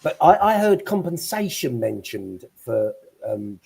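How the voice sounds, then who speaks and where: A man's voice: medium pitch, big pitch swings, unhurried, vocal fry, a crowd in the background. A man co-hosting a football podcast, thinking aloud hesitantly. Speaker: podcast co-host. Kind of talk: casual chat.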